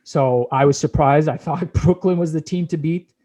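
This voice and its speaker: A man's voice: a little high, normal speed, dark tone, muffled recording. A young man co-hosting a sports podcast, brash and opinionated, casually swearing as he talks playoff picks.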